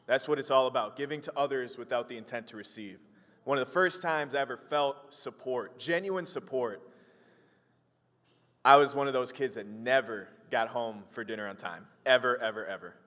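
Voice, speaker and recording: A young man from Wisconsin giving a motivational speech to a live audience, telling a story earnestly and emotionally, with energetic bursts. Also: medium pitch. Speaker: motivational speaker. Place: room with an audience. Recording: long hall reverb.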